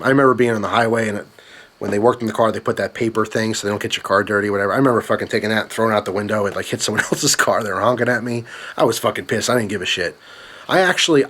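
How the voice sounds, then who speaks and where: A man's voice: on the low side, a bit bright. Profane ranting young man. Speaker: vlogger. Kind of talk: angry storytime vlog.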